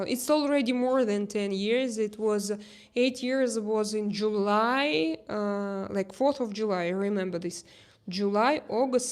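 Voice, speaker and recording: A young woman with a Russian accent chatting casually on a phone live stream, halting with fillers and restarts, reading chat messages. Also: mid-range voice. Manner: halting, many fillers and restarts, laughs easily. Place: home terrace.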